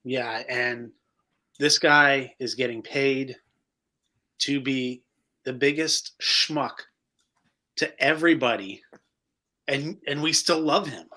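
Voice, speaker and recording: A man chatting as a podcast guest. His voice is bright and forceful at a middling pitch, and he stretches out key words for emphasis. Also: slow pace, pauses often. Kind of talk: casual chat.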